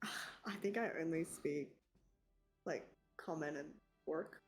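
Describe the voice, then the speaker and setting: A woman's voice: low-pitched, takes it slowly. A playful woman chatting and giggling her way through a tabletop game session. She rambles casually between jokes with the other players, and faint music plays underneath.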